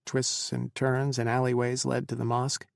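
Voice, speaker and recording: A man reading an audiobook in measured, dramatic storytelling narration. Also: medium pitch, completely flat delivery, gravelly, no echo, clean studio sound.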